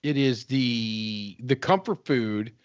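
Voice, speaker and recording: A man's voice: medium pitch, takes it slowly, clear, resonant tone, no echo, dull audio. A man from West Virginia co-hosting a casual podcast chat, rambling and repeating himself with frequent laughs. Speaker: podcast co-host.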